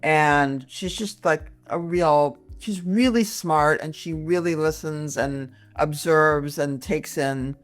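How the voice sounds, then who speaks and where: A woman in her sixties, from Michigan, talking as a comedian guest in a casual interview, animated and full of quick asides and restarts. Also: low voice, soft background music. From Michigan, USA. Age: 60s.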